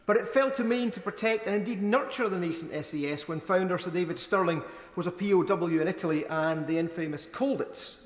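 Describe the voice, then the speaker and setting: A man giving a measured, wry speech in a parliamentary debate. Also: sits high. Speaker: member of parliament. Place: debating chamber. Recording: echoey chamber, long reverb.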